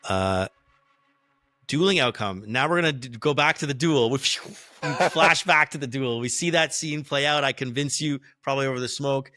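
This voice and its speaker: A man explaining rules and narrating as game master, relaxed and hesitant with many fillers. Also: mid-range voice, moderate pace, no room sound.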